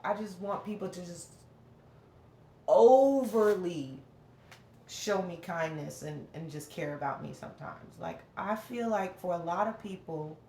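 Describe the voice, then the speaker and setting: A woman venting to camera in a candid, rambling personal rant, often dropping low and flat to mimic what others said. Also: measured pace, roomy sound, slight background noise. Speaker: vlogger.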